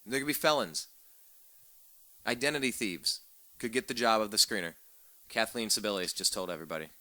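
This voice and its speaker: Male talk radio host, low forceful voice, dry close sound, sarcastic ranting monologue. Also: brisk, no echo. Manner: sarcastic, ranting, repeats words when fired up.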